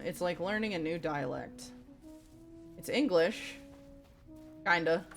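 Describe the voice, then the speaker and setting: Woman, livestreamer, casual game chat, swears a lot, loud reactions, lowish voice, soft music behind. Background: faint game music.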